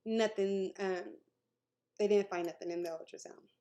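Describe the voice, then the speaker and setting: A woman's voice: medium pitch, fairly even intonation, normal speed, warm tone. A young woman casually telling a personal story in a vlog, chatty, laughing often and acting out what others said. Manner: chatty, laughs often, acts out quoted voices. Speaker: vlogger telling her story.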